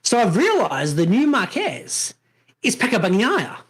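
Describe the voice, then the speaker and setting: Animated Australian man, husky and lively. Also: high-pitched, a little slow. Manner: swearing, laughing, animated storyteller. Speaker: podcast co-host. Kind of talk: casual chat.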